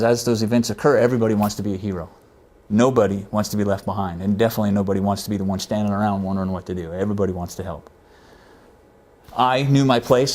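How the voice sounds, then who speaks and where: A man's voice: on the low side, a little mellow. A man, a former military medic, earnestly telling a first-person war story in a conversational way. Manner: earnest, conversational, acts out quoted voices.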